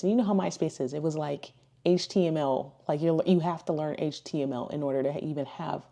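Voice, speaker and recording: A woman's voice: sits low, warm tone. A woman in her thirties, a ministry speaker, sharing a personal testimony in a chatty way, with lots of "like" and "you know" and acted-out quotes.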